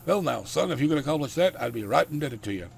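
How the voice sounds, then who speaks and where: A man voicing a portly, old-fashioned vampire gentleman with a Southern US accent, florid and courtly. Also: on the high side, expressive, quick pace, gravelly, faint music behind, voice pushed up. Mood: genial.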